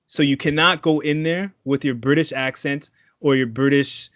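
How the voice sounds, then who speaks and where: A man from Trinidad co-hosting a casual podcast, animated and profane, acting out quotes. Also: a little high, moderate pace, dry recording. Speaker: podcast co-host. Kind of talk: casual chat.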